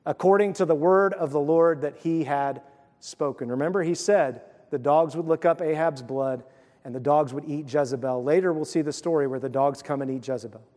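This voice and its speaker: A man preaches a sermon in a high, lifted voice, telling the story with lively asides and quick acted-out lines. His words ring out with a long hall reverb, as in a church sanctuary. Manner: animated storytelling, acts out voices. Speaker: pastor.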